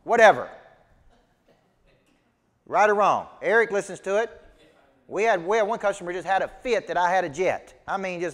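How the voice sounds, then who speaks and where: A man's voice: sits high, lively intonation, moderate pace, big-room sound. A man with a Southern US accent, coaching a live seminar audience in an emphatic, folksy way full of rhetorical questions. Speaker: business coach. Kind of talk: motivational seminar teaching.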